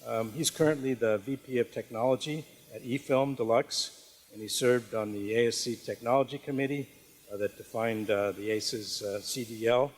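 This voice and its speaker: A man's voice: mid-range voice, fairly even intonation, normal speed. A man hosting an event, introducing the next speaker with many hesitant fillers. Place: theater. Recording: long hall reverb.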